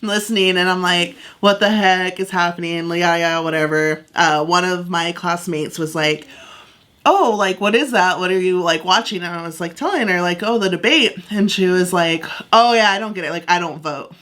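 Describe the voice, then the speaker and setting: A woman's voice: fairly low pitch, fairly even intonation, normal speed, few pauses, fairly bright tone. A young woman co-hosting a podcast, chatting casually and telling stories with lots of "like" fillers. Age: young adult. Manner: chatty storyteller, acts out quoted voices, frequent "like". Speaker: podcast co-host. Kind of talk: casual chat.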